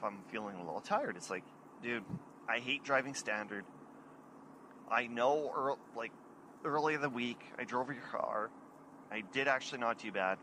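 A man, hosting his own show and telling a casual, animated story, acting out his friends' lines as he goes. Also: mid-range voice, noisy background. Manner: animated, acts out friends' lines and sings snatches. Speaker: podcast host telling a story.

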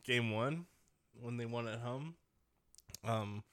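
A man's voice: medium pitch, slow pace, fairly bright tone, clean tone. A man in his twenties co-hosting a podcast, chatting casually, laughing and joking. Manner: laughing, joking, does voices for quotes. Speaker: podcast co-host. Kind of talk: casual chat.

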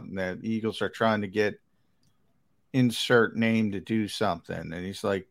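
A man's voice: lowish voice, steady tone, a little slow. A man co-hosting a casual sports talk show, rambling and emphatic with lots of fillers.

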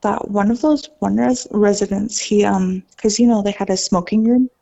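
Gravelly husky woman telling a ghost story. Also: medium pitch, moderate pace, lo-fi sound. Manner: animated storyteller with many "like" fillers, mimics voices. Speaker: podcast guest.

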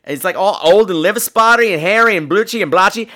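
A man's voice: high voice, fast, bright, forceful tone. A man hosting a podcast, giving a campy, gossipy recap of a horror movie and acting out the characters' lines in voices. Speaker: podcast host.

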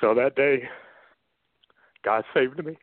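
An earnest man speaking candidly and haltingly, his voice coming through a thin, narrow phone line. The sound is dry with no room around it. He tells his own story as a radio guest. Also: medium pitch, dry recording. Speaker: interview guest. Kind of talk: personal faith testimony on a phone-in radio show.

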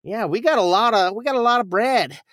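A man's voice: high-pitched, expressive, brisk, fairly bright tone, no echo, clean studio sound. A man co-hosting a podcast, reviewing shows in loose, profane casual chat. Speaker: podcast co-host.

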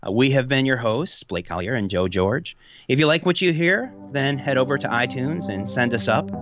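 A man's voice: medium pitch, animated, normal speed, lo-fi sound. A man co-hosting a podcast, chatting casually and animatedly. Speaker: podcast co-host.

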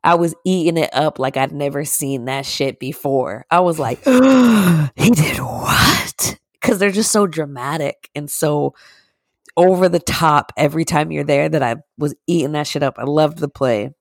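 Gravelly-voiced woman telling stories on a podcast. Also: low-pitched, normal speed, dry recording, clean studio sound. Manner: rambling, animated storytelling with frequent laughs. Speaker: podcast co-host. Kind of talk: casual chat.

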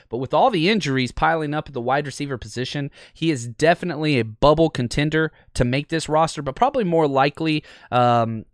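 A man with a mid-range voice hosts a sports podcast, chatting casually and enthusiastically with lots of ums and uhs. The recording is studio quality with no room sound.

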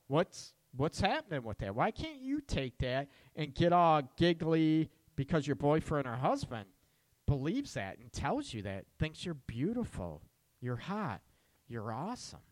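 A middle-aged male podcast host talks straight to his listeners in a loose, chatty monologue. His pitch jumps around a lot, and he keeps tagging his points with "right?" and little chuckles. The sound is dry, with no room echo. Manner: animated, rhetorical questions, frequent "right?" tag, chuckles.

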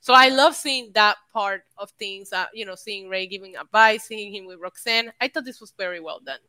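Smooth, bright woman in teasing podcast chat. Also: medium pitch, moderate pace, dry recording. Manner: emphatic, teasing, laughs often. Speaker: podcast co-host. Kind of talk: casual chat.

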